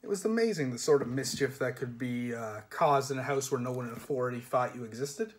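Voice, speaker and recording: A man reading a novel aloud in a measured storybook manner, sometimes dropping soft. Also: mid-range voice. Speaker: reader.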